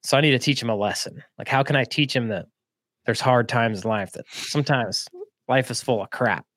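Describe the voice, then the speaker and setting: A man co-hosting a podcast, telling a story in a relaxed, chatty way, with frequent laughs and fillers. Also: mid-range voice, no echo, studio quality. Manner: laid-back, laughs often, quick bursts with lots of fillers. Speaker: podcast co-host. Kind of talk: casual storytelling chat.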